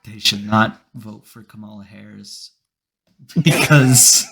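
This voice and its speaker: A man's voice: lowish voice, slow pace, fairly bright tone. A man hosting a casual comedy podcast, rambling through stories and mock-serious rants with plenty of swearing. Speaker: podcast host. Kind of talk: casual chat.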